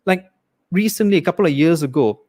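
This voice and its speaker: Animated man doing stand-up comedy. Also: a little fast. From Malaysia. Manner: animated, acts out characters with big pitch swings. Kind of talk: livestreamed stand-up set.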